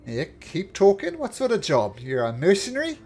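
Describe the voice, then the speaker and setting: A man voicing a gruff, threatening interrogator who demands answers in a brusque manner, with faint music behind. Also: sits high, wildly swooping pitch, normal speed, darkish tone, pitched above the performer's own voice, exaggerated voice. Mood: demanding.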